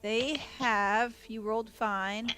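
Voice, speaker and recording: A woman's voice: fairly high pitch, steady tone, slow pace, loud music behind the voice. A woman narrating as game master of a tabletop game, chatty and self-deprecating.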